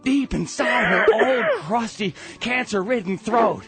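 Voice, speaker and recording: Theatrical male storyteller, lively pitch. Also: normal speed, hardly any pauses, over loud music. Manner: theatrical, swinging from loud to hushed. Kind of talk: comic storytelling.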